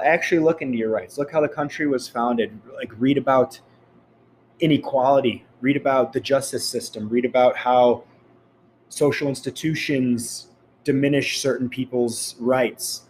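A man's voice: medium pitch, fairly even intonation, normal speed, a little mellow, slight background noise. A man giving a blunt, profane motivational rant, speaking straight to his listeners.

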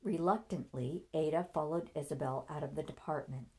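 A woman reads a novel aloud with a very low voice. Her delivery is steady and measured, in a plain storytelling manner. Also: husky. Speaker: narrator. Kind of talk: audiobook reading.

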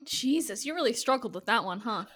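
A woman's voice: on the high side, animated, fairly quick, fairly bright tone. A woman co-hosting a casual podcast, sarcastic and swearing freely as she riffs. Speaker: podcast co-host. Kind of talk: casual chat.

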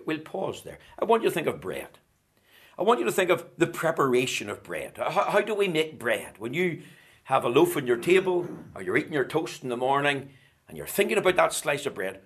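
A man preaching a sermon, building rhetorical questions and swinging from loud declarations to hushed tones. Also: mid-range voice, sing-song, normal speed.

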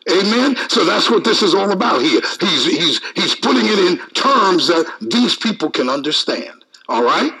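A man's voice: high voice, moderate pace, hardly any pauses, slightly rough, poor audio. A man preaching a sermon, reading scripture aloud and calling out to the congregation. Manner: lively preaching with call-outs and scripture reading.

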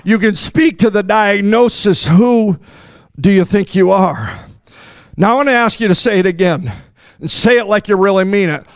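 Preacher, male, high gravelly voice, close dry sound, climbs to shouting, "uh" fillers. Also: dry recording. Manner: rises to shouting, with jokes and asides to the congregation; fills pauses with "uh". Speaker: pastor. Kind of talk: preaching a sermon.

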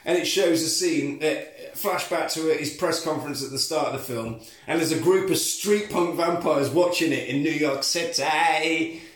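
A man retelling a film as a comic podcast recap, sweary and animated, recorded in an echoey room. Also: fairly high pitch, moderate pace. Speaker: podcast co-host.

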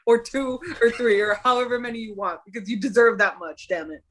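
A woman's voice: fairly high pitch, brisk, slight background noise. Chatty young woman podcast co-host. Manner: animated, rants with laughter. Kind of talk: casual chat.

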